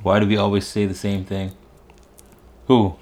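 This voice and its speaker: A young man with a fairly low voice co-hosts a livestream podcast. He greets viewers by name and promotes upcoming episodes with upbeat energy. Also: monotone, normal speed, a little mellow. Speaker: podcast co-host. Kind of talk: casual livestream chat.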